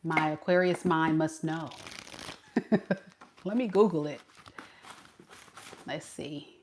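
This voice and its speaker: Woman tarot reader from the southern US, live stream, slow-paced and chatty. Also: deep voice, slight background noise. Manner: chatty, laughs often, talks to live chat. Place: home at night.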